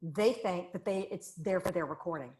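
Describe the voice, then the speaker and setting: A woman's voice: on the low side, normal speed, darkish tone. A woman in her forties hosting a conversational interview, talking in long, emphatic runs. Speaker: podcast host.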